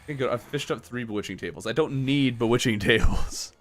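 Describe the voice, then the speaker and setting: While playing a game on stream, a man chats casually with his viewers in a medium-pitched voice, talking a little fast. He reacts to the action, answers chat out loud, and often laughs, with soft background music playing.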